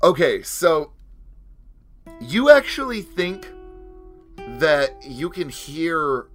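A man's voice: fairly high pitch, very animated, extremely slow, faint music behind. A man narrating as game master for a tabletop game, casual and full of fillers. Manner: casual, laughing, hesitant fillers.

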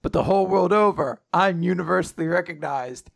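A man voicing a vain, grandiose hero, speaking slowly and pompously. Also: high voice, gravelly, no room sound, studio quality.

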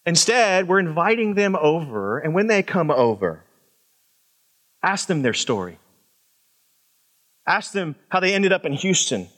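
A middle-aged pastor delivers a sermon in a high, bright voice. He talks expressively, climbing on his points and sinking into quiet, low remarks. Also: measured pace, long pauses. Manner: expressive, swings from loud emphatic highs to low quiet asides.

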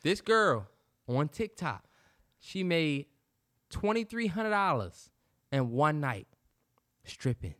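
A man's voice: a little high, sing-song, slow, pauses often, a bit bright. A man co-hosting a podcast, talking in a laid-back, slangy way and teasing his co-host. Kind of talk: casual chat.

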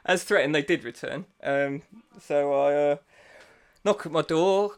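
A man's voice: on the high side, measured pace. Wry man telling a comic story. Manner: wry, self-deprecating, drops into deadpan quoted voices. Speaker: podcast co-host. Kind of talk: casual comedic storytelling.

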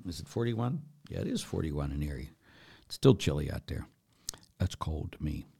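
An older man, a priest, answering viewer questions live, hushed and slow in reflection, then animated and laughing as he tells stories. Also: rumbling low, vocal fry, breathy edge. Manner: animated, laughs and gets loud telling stories. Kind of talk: live Q&A, reading viewer comments.

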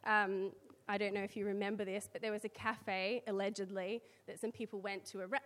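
A woman's voice: mid-range voice, flat delivery, brisk, fairly bright tone. A woman with an Australian accent giving a conversational sermon, reading scripture with chatty asides. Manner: chatty asides, filler words between readings. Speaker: church speaker. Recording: long hall reverb.

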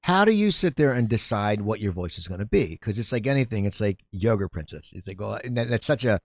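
Fast-talking joking male interviewer. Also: lowish voice, lively intonation, dry recording, highs cut off. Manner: quick, filler-heavy, joking questioner. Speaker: interviewer host. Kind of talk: casual interview chat.

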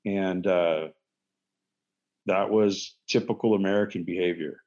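A man doing a low, lecturing friend. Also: fairly even intonation, darkish tone, highs cut off. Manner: low, measured scolding. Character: calm, lecturing adult male friend.

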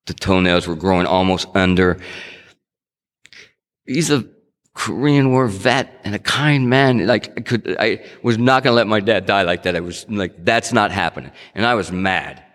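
A middle-aged man with a very low voice tells his own story to a gathering. He speaks conversationally, restarts sentences and voices the people in his story. His voice trails into the long reverb of a large hall. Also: moderate pace, a bit bright. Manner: conversational storytelling, acts out quotes, frequent restarts. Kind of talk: personal testimony talk.

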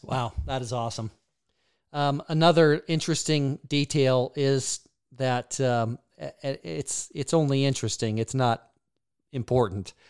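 A man's voice: medium pitch, measured pace, a little mellow, smooth. A man hosting an interview, asking questions casually with many ums and uhs. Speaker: interview host.

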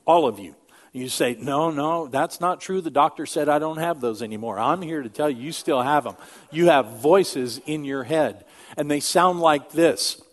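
An older man, a pastor, preaching a sermon in an earnest, emphatic way that drops to quiet asides. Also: on the high side.

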